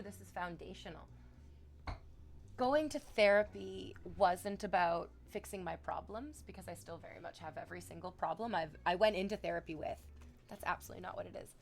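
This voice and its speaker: Rambling woman streamer, faint music behind. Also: medium pitch. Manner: candid, rambling storytelling with swearing and sudden dramatic swells. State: sick. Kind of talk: casual chat to a stream chat.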